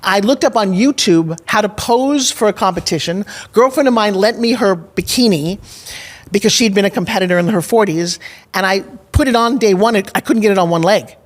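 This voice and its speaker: A woman's voice: mid-range voice, a little fast. Candid, emphatic middle-aged woman. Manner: emphatic, candid, acts out her own past thoughts. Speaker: podcast guest. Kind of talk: personal storytelling in conversation. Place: studio in Nashville.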